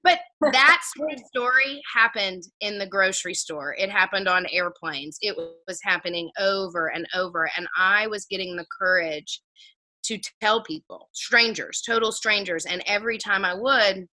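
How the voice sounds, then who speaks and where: A woman's voice: mid-range voice, moderate pace, poor audio. A woman who works as a medium, telling a personal story earnestly in casual conversation. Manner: earnest, drops to a hushed voice when telling intimate moments.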